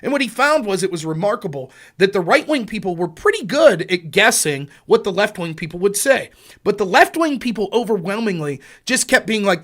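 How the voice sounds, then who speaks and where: A middle-aged man hosting a political talk show, telling stories and acting out quotes with sudden jumps in pitch and volume. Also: very animated, brisk, fairly bright tone. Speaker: podcast host. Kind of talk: political commentary, storytelling.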